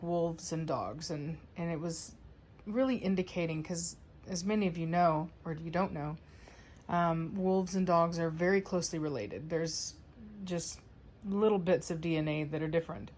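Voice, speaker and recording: A woman's voice: fairly low pitch, darkish tone, slight background noise. A woman dog breeder and trainer talking casually to her viewers in a chatty, rambling way. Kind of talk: casual vlog talk to viewers.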